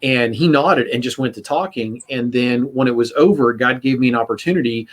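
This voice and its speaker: A man's voice: medium pitch, a little fast. A man hosting a casual podcast on church safety, telling a story earnestly and acting out what people said. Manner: earnest storyteller, acts out quotes. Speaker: podcast host.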